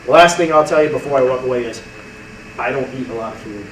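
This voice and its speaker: A man in his thirties, a testimonial speaker, talks fast at medium pitch to a group in a casual way, often repeating and restarting words. Crowd noise is present, and the recording is roomy, distant, and faintly noisy.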